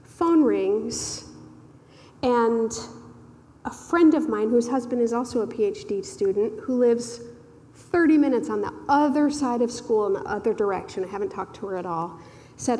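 A woman telling a personal testimony, animated and often laughing, her voice rising and cracking with emotion. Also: fairly high pitch, moderate pace, long reverb tail. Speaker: speaker sharing a personal testimony. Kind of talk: storytelling testimony.

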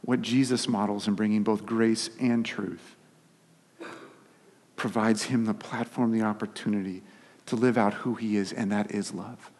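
A man's voice: on the low side, fairly even intonation, unhurried, a little mellow, breathy edge, in a large hall. A man preaching a sermon as pastor, telling stories conversationally with restarts and filler words.

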